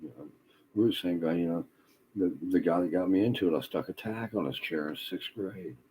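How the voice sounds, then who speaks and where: Deep-voiced profane older man rambling. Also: fairly quick, mellow, slight background noise, rough recording. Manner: profane, laughs often, many fillers. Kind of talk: casual rambling storytelling.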